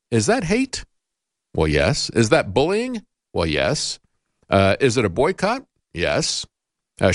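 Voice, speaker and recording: A man's voice: no echo, studio quality. Argumentative male talk show host. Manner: argumentative, with frequent uhs and rhetorical questions; pitch jumps up sharply on emphatic points. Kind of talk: opinionated political commentary.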